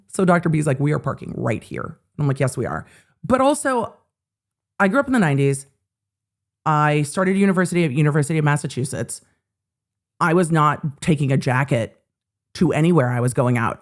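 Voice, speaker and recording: A woman in her forties hosting a show, telling a story in casual chat, animated, swearing freely and acting out the quotes. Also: deep voice. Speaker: host.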